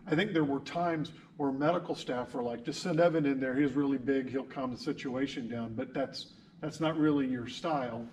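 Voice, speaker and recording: A man's voice: mid-range voice, a little mellow, a little hiss or hum. Friendly male instructor, heard from a distance. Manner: friendly, teasing, talks to a class. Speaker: instructor interviewing social workers. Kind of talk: classroom video interview.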